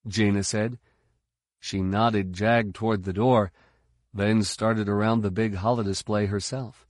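A man reading an audiobook in a measured, even narration. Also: fairly low pitch, no room sound.

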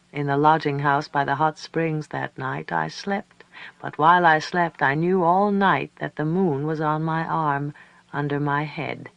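A man narrating a story aloud in a calm, measured, reflective way. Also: fairly high pitch, gravelly, dry recording, highs cut off. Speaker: audiobook narrator. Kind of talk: scripted narration.

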